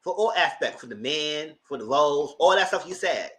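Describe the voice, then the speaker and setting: Sassy guy in riffing to his viewers, bright voice, pitch jumping all over. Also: normal speed. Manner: animated, sassy, laughs often. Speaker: host. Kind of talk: casual commentary chat.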